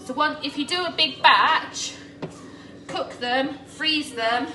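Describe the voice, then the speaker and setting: A woman's voice: high voice, slow pace, distant mic, noisy background. Chatty woman cooking in an echoey kitchen. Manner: chatty, greets viewers, laughs often. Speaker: cooking vlogger. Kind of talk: live-stream cooking chat. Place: home kitchen. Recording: echoey kitchen, clattering pots.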